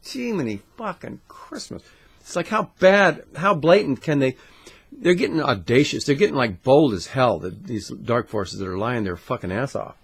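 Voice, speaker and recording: A man hosting his own channel, ranting to camera with constant swearing, jumping between loud outbursts and muttered asides. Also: mid-range voice, expressive, moderate pace, gravelly, husky. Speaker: channel host. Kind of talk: profane conspiracy rant to camera.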